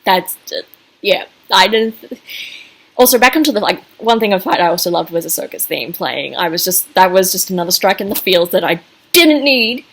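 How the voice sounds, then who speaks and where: A woman's voice: lowish voice, animated, normal speed, vocal fry, a bit bright, husky, poor audio. A woman giving a casual video review as a fan, gushing and rambling with many fillers and restarts.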